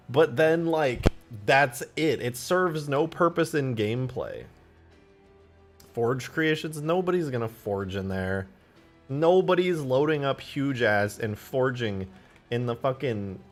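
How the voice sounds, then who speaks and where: A man live-streaming game modding, chatting casually and cursing as he answers viewers. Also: medium pitch. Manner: loose and profane, answering chat questions. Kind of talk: casual livestream chat while modding.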